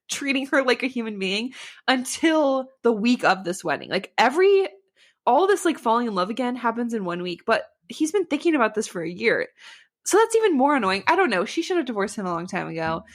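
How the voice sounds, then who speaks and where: A young woman co-hosting a podcast, recapping a book in a chatty, sarcastic way with frequent laughs. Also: on the high side. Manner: chatty, sarcastic, laughs often, quick asides. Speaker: podcast co-host. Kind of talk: casual chat recapping a book.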